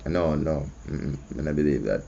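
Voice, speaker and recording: A man's voice: very deep voice, moderate pace, creaky, mellow, slight background noise. A man with a Jamaican accent hosting casual commentary, often asking "you see me". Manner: conversational, repeats "you see me". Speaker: host. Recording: muffled lo-fi audio.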